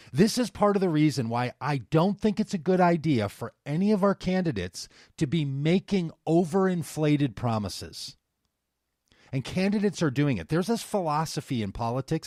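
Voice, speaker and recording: A man's voice: medium pitch, darkish tone, no echo, clean studio sound. A man hosting a political talk radio show, delivering an impassioned, sarcastic monologue and taking calls.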